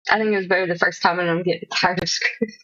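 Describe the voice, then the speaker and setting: A woman's voice: on the low side, fairly even intonation, rapid-fire, fairly bright tone, dry recording, highs cut off. A young woman streaming from home, chatting in a rambling, self-conscious, jokey way. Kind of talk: casual live-stream chat. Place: home room.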